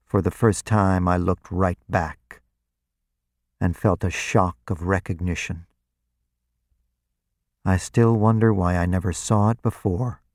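A man narrates an audiobook in a deep, low voice, unhurried and introspective. The sound is dry and close, with no room echo. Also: fairly even intonation, a little mellow. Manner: deliberate and introspective. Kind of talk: scripted first-person narration.

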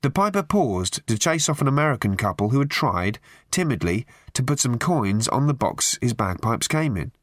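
A man narrating an audiobook with a wry, expressive delivery. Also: medium pitch, moderate pace, no echo, studio quality. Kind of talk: scripted narration.

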